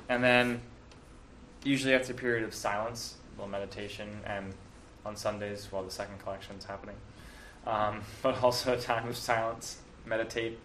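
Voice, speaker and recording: A man's voice: on the low side, fairly bright tone, slight background noise. Guy talking through the mass step by step, kinda chatty, echoey room, mic a bit far off. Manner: conversational, with fillers and self-corrections. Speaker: teacher explaining the Mass. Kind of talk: casual explanatory talk. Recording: roomy, from a distance, faint ambience.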